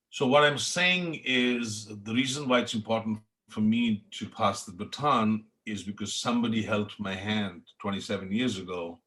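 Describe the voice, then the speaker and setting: A middle-aged man with an Indian accent speaks in a somewhat low voice. He tells his story as an interview guest, earnest and passionate. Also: fairly bright tone. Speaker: chef, podcast guest. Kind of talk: reflective interview talk.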